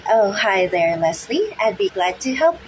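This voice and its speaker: A man's voice: sits high, big pitch swings, measured pace, slight background noise, voice pushed up, poor audio. A man voicing a chirpy young female call center agent in a comedy sketch, sweetly formal. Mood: cheerful. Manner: sweetly formal, turning into a robotic device announcer. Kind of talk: comedy sketch role-play.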